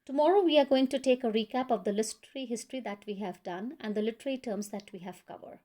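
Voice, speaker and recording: Indian woman reading lecture notes slowly. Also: on the high side, mellow. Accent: Indian English. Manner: slow, measured reading of a textbook passage. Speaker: college lecturer.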